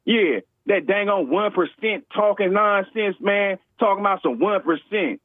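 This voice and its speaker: A man's voice: high voice, unhurried, no echo. A man from Ohio calling in to a talk show, ranting in an emphatic, slangy, indignant way. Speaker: caller. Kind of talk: call-in rant. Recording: tinny phone line.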